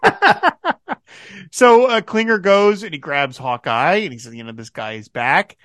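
A man hosts a podcast in a loose, chatty way, often breaking into laughter as he reads out lines. His voice sits a little high, and the recording is dry and close. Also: very animated, unhurried, a bit bright, dry recording. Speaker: podcast host. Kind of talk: casual podcast chat.

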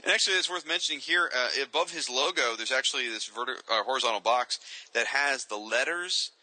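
A man's voice: medium pitch, a little fast, sharp tone, no echo, low-quality recording. A man co-hosting a casual comics chat, opinionated and ranting. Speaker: co-host.

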